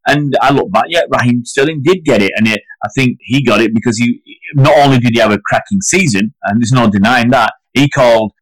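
A man co-hosting a football podcast, arguing his point in an animated, heated way, his pitch climbing as he gets worked up. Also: dry recording, low-quality recording. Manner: animated, argumentative, rising pitch when heated. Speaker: podcast co-host. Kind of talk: casual football podcast chat.

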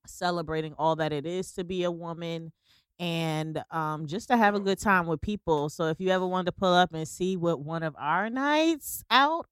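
A woman co-hosting a podcast in relaxed, upbeat casual chat, with plenty of "um" fillers. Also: on the low side, moderate pace, smooth, dry recording, studio quality. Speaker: podcast co-host.

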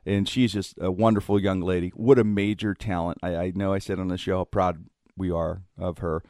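A man's voice: low voice, level tone, fairly quick, a little mellow, no room sound, clean studio sound. A male host chatting casually, rambling through stories with laughs and restarts. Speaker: radio show host. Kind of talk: casual chat.

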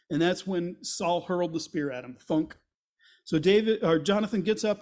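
A man's voice: on the high side, a little mellow. A male pastor preaching a sermon, retelling a Bible story in a casual, conversational way and acting out the characters' lines. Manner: acts out quoted voices with rising intensity.

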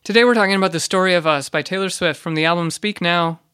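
A man hosting a podcast, delivering an ironic comedic monologue in a rambling deadpan way with many fillers and restarts. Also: high voice, fast talker, clear, resonant tone, dry recording, clean studio sound. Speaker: podcast host.

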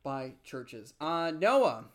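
A man's voice: a little high, sing-song, drawn-out words. A young man co-hosting a music podcast, talking casually with frequent fillers and restarts. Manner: chatty, lots of fillers and restarts. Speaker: podcast co-host. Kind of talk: casual chat.

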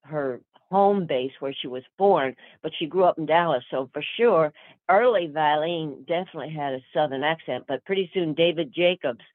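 Older actress on a tinny phone-like line. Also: female voice, low-pitched, normal speed, dry recording. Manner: lively, chatty, full of fillers and restarts. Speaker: actress guest. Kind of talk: storytelling interview answers.

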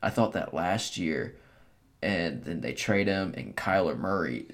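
A man's voice: low voice, animated, a little slow. A man co-hosting a casual sports podcast, giving offhand, rambling opinions with frequent restarts.

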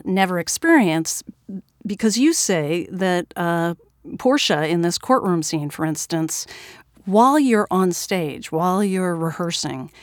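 A woman's voice: mid-range voice, no echo, studio quality. A woman interviewer asking long, probing questions with curiosity. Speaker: interviewer, host.

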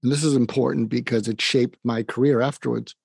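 A man's voice: mid-range voice, fairly even intonation, a little fast, gravelly, darkish tone, slightly rough, dry recording. Male psychiatrist guest, earnest storyteller, dry close sound, acts out quoted lines. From suburb of Boston, USA. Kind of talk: personal storytelling.

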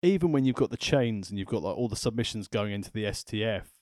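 A man's voice: on the low side, animated, fast talker, darkish tone, no echo, studio quality. A man co-hosting a casual podcast chat, making wry, joking asides. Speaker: podcast co-host.

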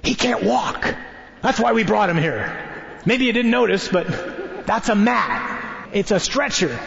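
A priest putting on exasperated men yelling from a roof. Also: male voice, sits high, expressive, measured pace, vocal fry, pitched above the performer's own voice, heavily acted. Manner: incredulous, sarcastic shouting. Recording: dull recording in a reverberant hall.

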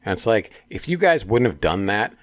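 A man's voice: on the low side, very animated, normal speed. A man co-hosting a casual political talk show, who often stops to search for his words.

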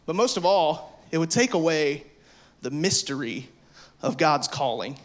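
Casual, animated youth preacher man. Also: fairly high pitch, unhurried. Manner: casual, animated, full of "like" and acted-out voices. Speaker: youth pastor. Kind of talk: youth sermon.

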